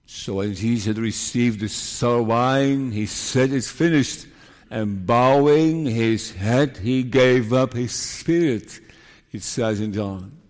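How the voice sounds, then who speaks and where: Slow, solemn preacher man in a reverberant hall. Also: mid-range voice. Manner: slow, deliberate preaching with solemn hushed passages and emphatic rises. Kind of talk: sermon.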